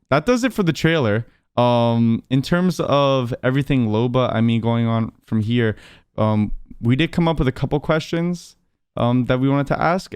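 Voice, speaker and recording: A man interviewing guests over a video call. His voice is smooth and resonant, and it sounds dry and close. He talks in a loose, chatty way, full of fillers and quick laughs. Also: mid-range voice, darkish tone, no room sound. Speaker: interviewer and streamer host.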